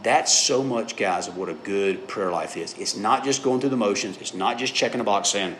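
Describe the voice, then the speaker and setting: A man's voice: fairly low pitch, moderate pace, few pauses, fairly bright tone, a little hiss or hum. A middle-aged man preaching a sermon in a conversational, storytelling way, often checking in with his listeners. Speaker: pastor.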